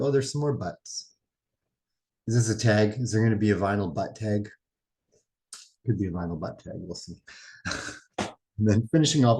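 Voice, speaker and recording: A man casually showing off a record haul in a vlog, relaxed and rambling with musing asides. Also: fairly low pitch, creaky, low-quality recording. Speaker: record collecting vlogger. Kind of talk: casual show-and-tell vlog.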